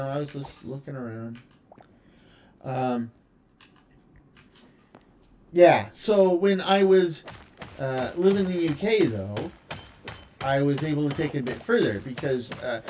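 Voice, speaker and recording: A man's voice: medium pitch, background noise. An American man chatting casually while streaming a building game, telling rambling stories with many fillers and restarts. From United States.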